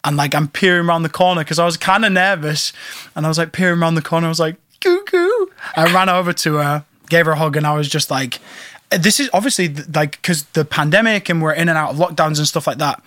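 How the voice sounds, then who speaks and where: A man's voice: fairly high pitch, fast talker, bright, forceful tone, dry recording. A man chatting casually as a guest, often acting out his own reactions in little quoted voices. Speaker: singer-songwriter guest. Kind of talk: casual chat.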